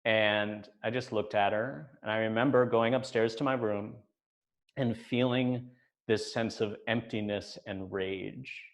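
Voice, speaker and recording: A man in his forties telling a personal story on stage, measured with deadpan asides. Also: on the low side. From United States.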